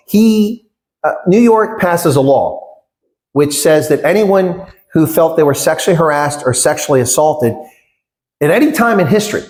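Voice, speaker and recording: A middle-aged man answering interview questions in a conversational way, emphatic and indignant, with rhetorical questions and short laughs. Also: on the high side. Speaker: interview guest, former election candidate.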